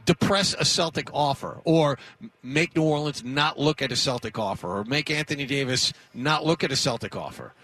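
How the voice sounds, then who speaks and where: Emphatic, husky-voiced man. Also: medium pitch, moderate pace, fairly bright tone, no room sound. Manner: emphatic, insistent. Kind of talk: casual sports radio chat.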